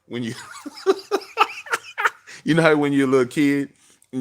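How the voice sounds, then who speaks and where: A man hosting a livestream from his car, telling a personal story in a slangy, animated way and acting out the dialogue. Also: medium pitch, unhurried, pauses often. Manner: slangy, acts out dialogue, laughs often. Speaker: livestream host.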